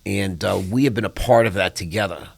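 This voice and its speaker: A man hosting an interview, telling a personal story in a lively, animated way. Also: sits low, brisk, vocal fry, breathy edge. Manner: animated storyteller, acts out quoted voices. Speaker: podcast host.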